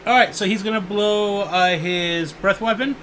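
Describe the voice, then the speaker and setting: A man's voice: high-pitched, normal speed, a bit bright, a little hiss or hum. A man narrating a tabletop game as dungeon master, calling out attacks and damage between chuckles. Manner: calls rolls and damage with chuckles.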